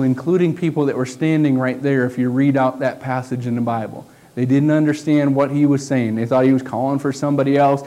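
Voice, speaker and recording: A male pastor delivers a sermon in a relaxed, folksy manner. His voice sits a little higher than most men's. He talks with the congregation as if chatting, pausing to ask "okay?". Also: rough recording. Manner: folksy, conversational preaching with frequent "okay?" asides.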